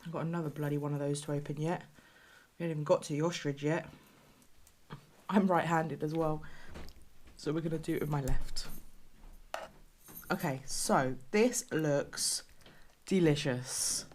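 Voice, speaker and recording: British woman doing a food review vlog, low voice, chatty, goes hushed sometimes, faint hiss. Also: fairly even intonation, moderate pace, pauses often. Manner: chatty, exclaims over food, drops to near-whispers.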